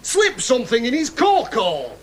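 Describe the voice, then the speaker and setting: A blustering Yorkshire tycoon. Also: male voice, very high voice, wildly swooping pitch, normal speed, a little hiss or hum, exaggerated voice. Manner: blunt, bombastic, plain-speaking. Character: blunt boastful self-made millionaire knight. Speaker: hospital benefactor. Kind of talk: 1980s sitcom acting.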